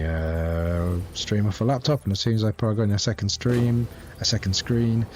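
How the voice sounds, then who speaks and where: Low-voiced man chatting through a game stream. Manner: rambling, self-deprecating, jokey. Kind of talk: casual gameplay live stream chat. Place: home setup, streaming off a laptop. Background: game music.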